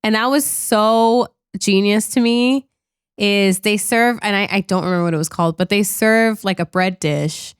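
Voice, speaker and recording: A woman's voice: medium pitch, moderate pace, smooth, no echo, clean studio sound. A woman co-hosting a podcast, chatting casually about a movie, talking loosely with lots of "like" and the odd swear. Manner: chatty, animated, peppered with "like" and swearing. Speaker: podcast co-host. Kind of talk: casual movie review chat.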